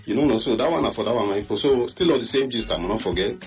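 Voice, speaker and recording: A man with a Nigerian accent hosting a call-in radio chat show, talking in an animated, repetitive way and mixing pidgin with English. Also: mid-range voice, rapid-fire, soft background music.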